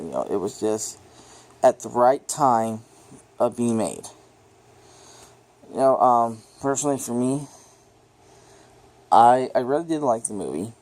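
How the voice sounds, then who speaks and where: In a casual, unscripted film review, a man with an ordinary middle-pitched voice talks loosely off the cuff, rambling, getting excited, swearing freely and leaning on constant fillers.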